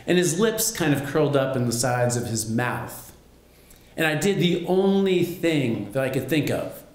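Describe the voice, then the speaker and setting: A man telling a personal story on stage at a live storytelling show, wry and lively. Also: mid-range voice, a little slow, reverberant. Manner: wry, lively, self-mocking.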